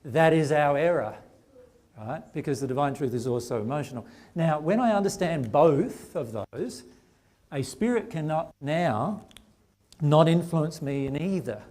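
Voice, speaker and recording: Man, higher pitch, mellow tone, earnest seminar teacher who keeps asking "right?". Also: animated, unhurried. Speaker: spiritual teacher. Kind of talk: seminar talk to a live audience.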